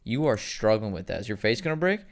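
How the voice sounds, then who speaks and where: A man's voice: lowish voice, very animated, quick pace. A man co-hosting a casual podcast, opinionated and emphatic.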